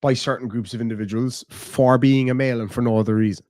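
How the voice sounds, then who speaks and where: A man's voice: medium pitch, steady tone, quick pace, darkish tone, no room sound. An Irish man hosts a live stream in a loose, off-the-cuff way. He answers his chat bluntly, swears freely and laughs often. His voice sits in the middle range and sounds dry and close. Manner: blunt, profane, laughs easily. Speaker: streamer host reading chat. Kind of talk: casual live-stream commentary.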